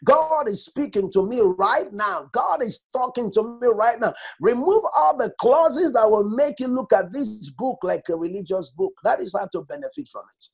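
Male pastor preaching, high voice, husky tone, emphatic repeated phrases. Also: lively intonation, moderate pace, few pauses, darkish tone. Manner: speaks in tongues briefly. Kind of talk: sermon.

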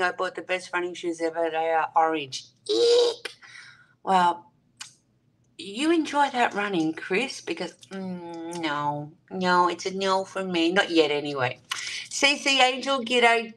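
Bright-voiced, chatty Australian woman. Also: medium pitch, unhurried. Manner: chatty and affectionate, greeting viewers by name with pet names. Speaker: livestream host. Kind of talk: casual livestream chat reading viewer comments.

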